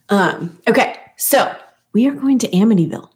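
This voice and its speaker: A woman in her forties from Long Island, with a Long Island accent, chatting casually as a podcast co-host, giggly and animated. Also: medium pitch, fairly quick. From Long Island, New York. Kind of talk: casual chat.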